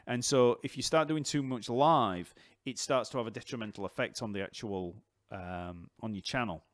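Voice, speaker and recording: A man teaching bass on a live stream, chatting loosely with many fillers and restarts, his voice going croaky. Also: moderate pace, dry recording, studio quality.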